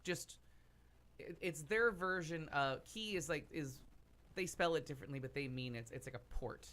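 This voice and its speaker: Man, chatty storyteller, rambling asides, fairly high voice, casual talk show. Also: normal speed, pushed and bright. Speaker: podcast cast member telling a travel story. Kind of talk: casual chat.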